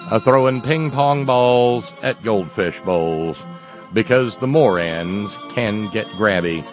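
A man voicing a showy, loud carnival barker with a sing-song, drawn-out hawking call. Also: fairly low pitch, expressive, soft background music. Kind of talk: comic radio bit.

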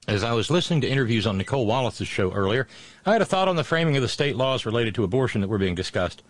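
A man's voice: mid-range voice, animated, rapid-fire, no room sound. A male talk show host reading out listener messages and commenting on them in a conversational way, with many filler sounds and blunt, sardonic remarks.

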